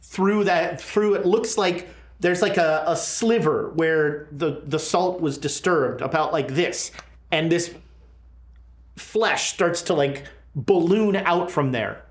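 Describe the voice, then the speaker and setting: A game master narrating a horror tabletop game, halting and full of fillers and restarts. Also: mid-range voice. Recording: roomy echo.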